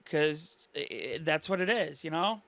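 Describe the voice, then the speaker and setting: A man's voice: on the high side, normal speed, creaky, fairly bright tone, no room sound. A man giving casual reaction commentary, talking earnestly and rambling with lots of "you know" and "like".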